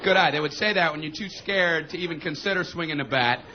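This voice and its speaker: A man doing a stand-up comedy routine, telling stories in an animated way and acting out shouted voices. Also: on the high side, quick pace, a crowd in the background. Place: comedy stage before a live audience. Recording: dull lo-fi live recording with audience laughter and noise.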